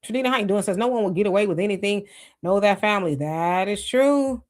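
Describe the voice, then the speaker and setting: Woman host reading live chat aloud, casual, quick to react, restarts often. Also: medium pitch. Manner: chatty, greets commenters, frequent restarts and laughs.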